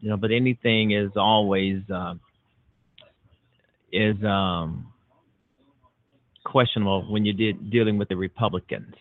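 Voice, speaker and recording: Speaking at a measured pace with frequent pauses, a man hosts a political talk show on Chicago internet radio, making emphatic, repetitive, punchy declarations. His lowish voice has fairly even intonation and sounds dry and echo-free over a tinny phone-like line.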